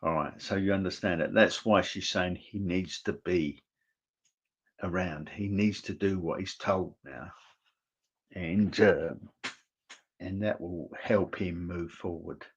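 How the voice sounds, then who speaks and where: A man serving as a spiritualist medium, giving clairvoyant messages in a church service. He speaks in a gentle, reassuring way, halting often and checking in with "okay?". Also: low-pitched, steady tone, slightly rough, muffled recording.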